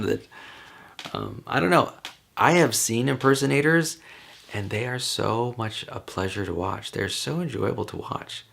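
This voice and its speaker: A man's voice: fairly low pitch, gravelly. A man talking casually on his own, answering questions in a rambling, chatty way with light laughs. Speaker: vlogger.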